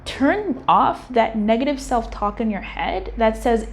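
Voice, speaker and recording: A woman's voice: a little high, animated, normal speed, hardly any pauses, a little hiss or hum. A young woman giving a casual tarot reading, candid and chatty, swearing and laughing as she talks straight to her viewers. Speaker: tarot reader.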